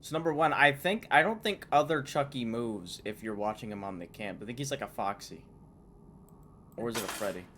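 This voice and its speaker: A man's voice: medium pitch, brisk. Young guy streaming a horror game, cursing a ton, mid voice, noisy audio. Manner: excitable, swears a lot, talks to himself. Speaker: gaming YouTuber. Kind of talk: casual gameplay commentary.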